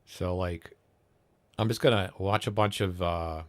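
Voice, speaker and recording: A man's voice: steady tone, a little slow. A young man chatting casually on a livestream, crude and rambling, mocking himself. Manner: crude, rambling, self-mocking, low-key. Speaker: streamer.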